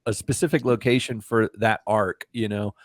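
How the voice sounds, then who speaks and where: Man explaining calmly in a dry room. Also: fairly low pitch, moderate pace, no room sound. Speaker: movie review co-host. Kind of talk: casual anime review chat.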